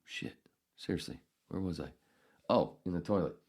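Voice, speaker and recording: A man's voice: low-pitched, normal speed, a little mellow, husky. An older man hosting a podcast, telling a rambling, profane story in a casual, ranting way. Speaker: podcast host.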